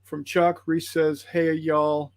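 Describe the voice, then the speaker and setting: A man's voice: fairly high pitch, little pitch movement, takes it slowly, no echo. A man hosting a tabletop gaming livestream, chatting casually and rambling apologetically through viewer comments with plenty of fillers.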